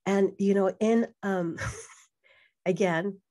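A middle-aged woman from Hawaii, a podcast guest, telling a personal story in an animated way, acting out the voices she quotes, with frequent fillers. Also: medium pitch, takes it slowly.

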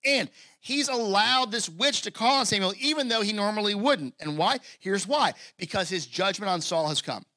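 A man preaching a sermon as pastor in an animated, conversational way, with casual asides. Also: high voice, moderate pace, no echo. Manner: acts out scripture quotes in character voices.

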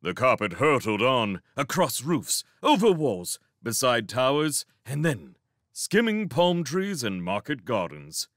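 A man reading a storybook aloud as narrator, with a measured, expressive storytelling manner. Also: medium pitch, dry recording, studio quality. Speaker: reader. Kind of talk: audiobook narration.

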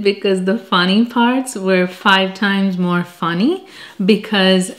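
A middle-aged woman chatting casually about books she has read, self-deprecating, with animated asides. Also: mid-range voice, slow pace. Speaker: book reviewer. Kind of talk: casual chat.

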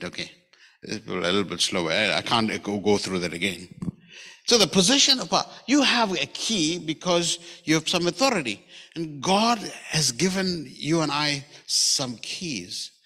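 A man's voice: medium pitch, bright, forceful tone. A man with a South African accent preaching a sermon as a pastor, telling the story conversationally and acting out quoted lines. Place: church sanctuary. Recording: church hall with long reverb.

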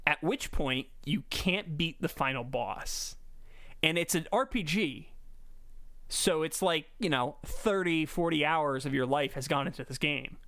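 A man's voice: fairly high pitch, unhurried, a bit bright, no room sound. A man co-hosting a podcast in casual chat, rambling with fillers and restarts. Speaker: podcast co-host.

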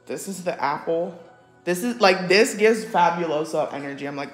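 Chatty woman with a low voice. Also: steady tone, normal speed, faint music behind. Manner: chatty, reads viewer comments aloud and talks to her cat. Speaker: livestream vlogger. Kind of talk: casual live-chat vlog. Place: at home indoors.

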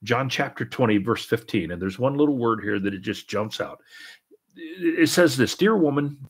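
This middle-aged pastor preaches with a lowish, expressive, slightly rough voice at a normal speed. He's earnest, repeating himself often and restarting with many an "and, and."

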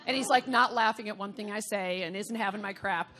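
A woman's voice: medium pitch, fairly quick. A comedian in her fifties, a woman from the United States, telling a candid anecdote in an interview with blunt asides. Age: 50s. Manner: animated, gossipy storytelling with blunt asides. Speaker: comedian guest.

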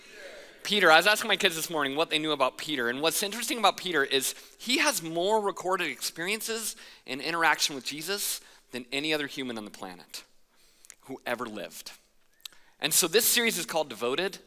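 Animated, bright-voiced pastor in a big hall. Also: male voice, a little high, fairly quick. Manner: animated storyteller, acts out shouts and counting. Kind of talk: sermon with personal story. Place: church auditorium.

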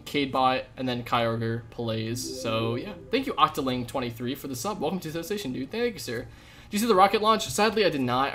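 With a mid-range, fairly bright voice, a man chats casually with his stream audience while playing a video game. He's upbeat and slangy, speaking into a USB microphone on his desk.

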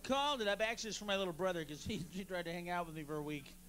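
A male stand-up comedian with a high, strained voice works a club stage, lurching from grumbling asides into sudden shouts. His delivery is profane and raucous. The live recording carries a steady wash of noise behind him. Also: very fast.

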